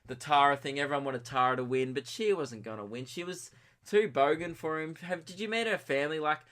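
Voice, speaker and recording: A young man in his early twenties with an Australian accent, telling a comic story on his own podcast in a rambling, self-mocking, excitable way. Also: a little high, a little fast. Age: early 20s. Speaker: podcast host.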